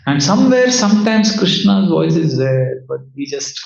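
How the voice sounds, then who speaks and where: A man teaching as a spiritual speaker, giving a devotional talk with audience questions in a measured way, asking rhetorical questions and answering them himself. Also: fairly high pitch, sing-song, vocal fry. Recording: roomy, slightly dull sound.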